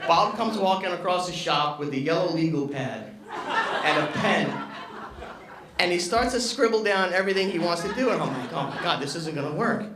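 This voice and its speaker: A man telling comic stories at a retirement roast at a golf club, animated and acting out quotes. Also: high voice, normal speed, recorded from a distance. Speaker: roast speaker, former assistant. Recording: echoey room with background noise.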